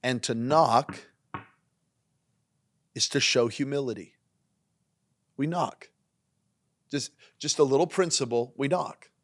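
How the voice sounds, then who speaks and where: A man delivers a sermon-style leadership talk as a pastor and podcast host. His pitch sits at an everyday middle level, and he hammers points home by repeating single words. He moves between forceful lines and softer, quieter asides. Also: slow, long pauses. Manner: emphatic and repetitive, swinging between punchy lines and quiet asides.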